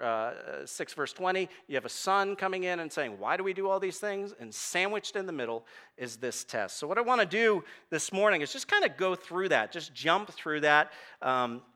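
A man's voice: fairly high pitch, bright, forceful tone. A male pastor preaching a sermon, building to emphatic peaks as he reads and explains scripture.

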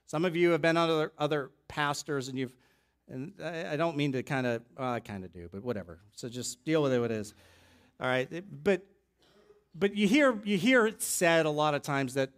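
A pastor preaching a sermon in a loose, conversational teaching voice, a man pitched a touch high. He stumbles and restarts, drops into offhand asides, then builds to louder, emphatic stretches. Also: animated, moderate pace.

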